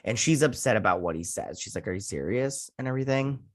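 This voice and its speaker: A man's voice: medium pitch, animated, fast talker, no echo. Rambling man recapping an episode, dry sound. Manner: rambling, loose, with many fillers and restarts; blunt, swears casually. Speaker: show host and reviewer.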